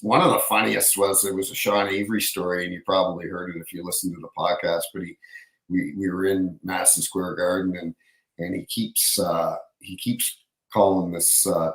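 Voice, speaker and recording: A man's voice: low voice, echoey room, low-quality recording. A man, a former hockey referee, telling stories as a podcast guest in a rambling, casual way. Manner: rambling, self-correcting storyteller. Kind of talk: casual anecdotal storytelling.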